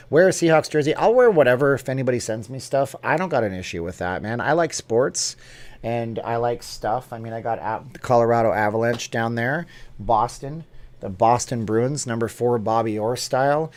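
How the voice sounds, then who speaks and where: A man's voice: medium pitch, lively intonation, moderate pace, darkish tone. A man hosting a casual live stream, chatting and joking as he answers viewer comments off the cuff.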